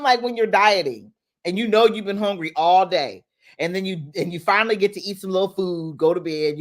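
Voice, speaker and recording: Animated woman coach, chatty and direct to viewers. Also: mid-range voice. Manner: lively, talks straight to viewers, acts out her own body parts in voices. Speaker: life coach hosting an Instagram live. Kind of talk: casual motivational live stream.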